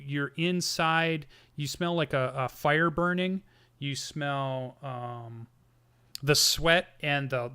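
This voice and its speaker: A man narrating a tabletop game as game master, halting often with ums and restarts. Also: mid-range voice, sharp tone, clear, resonant tone.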